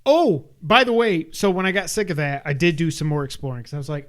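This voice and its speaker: A podcast co-host chats casually about a video game, his slightly high voice racing along with hardly any pauses. He's rambling and animated, constantly using fillers and restarting his sentences.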